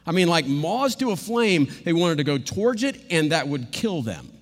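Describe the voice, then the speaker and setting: A male preacher with a high, very expressive voice that leaps up and down as he delivers a sermon. He talks animatedly, slipping into quick acted-out bits. His voice rings with the long reverb of a big hall. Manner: animated, acts out quotes in playful voices.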